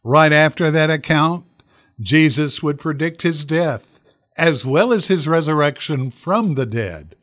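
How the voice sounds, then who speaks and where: A man preaching a sermon as pastor on a radio program, slowing down to stress key phrases. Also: a little high, lively intonation, fairly bright tone. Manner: slow, deliberate emphasis on key phrases.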